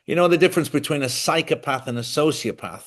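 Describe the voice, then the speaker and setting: A man's voice: on the high side, fast talker, fairly bright tone. A middle-aged man hosting a live stream, telling rambling stories in casual chat. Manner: rambling anecdotal storytelling.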